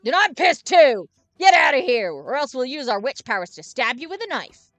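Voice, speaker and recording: A blunt young witch girl, as a woman voices her, sarcastic and quick to anger. Her voice is bright and animated, recorded close and dry. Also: medium pitch, no room sound, faint music behind. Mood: angry.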